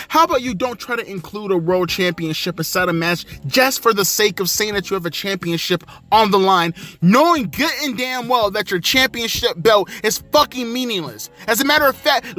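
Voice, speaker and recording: High-voiced, ranting young man. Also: pushed and bright. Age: young adult. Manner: angry, sarcastic, heavy swearing. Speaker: wrestling show reviewer. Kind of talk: profane ranting show review.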